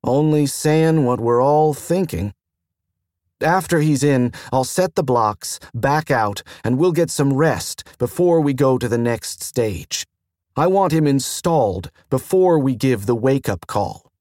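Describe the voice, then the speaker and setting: A man reading an audiobook, voicing a calm, focused male technician who talks quietly. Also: slow pace, no echo, studio quality. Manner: quiet, low-key.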